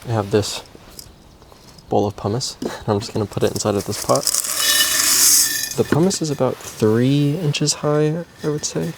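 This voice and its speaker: A man vlogging about plant care in a relaxed, meandering casual chat while potting plants, with frequent ums and likes. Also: mid-range voice, moderate pace, vocal fry, pauses often, noisy background.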